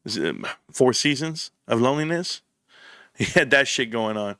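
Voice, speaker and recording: A man's voice: mid-range voice, lively intonation, normal speed, bright, forceful tone, no room sound, studio quality. A man in his thirties hosting a casual livestream, joking and slipping into bits of song. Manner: joking, breaks into singing. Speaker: livestream host.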